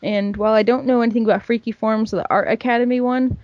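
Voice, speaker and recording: A young woman with a slightly high voice chats loosely about games, her sentences full of "like" and "um". The sound is muffled and dry, with no room around her. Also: steady tone, quick pace, dry recording. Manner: chatty, rambling, lots of "like" and "um". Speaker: gaming podcast co-host. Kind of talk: casual chat.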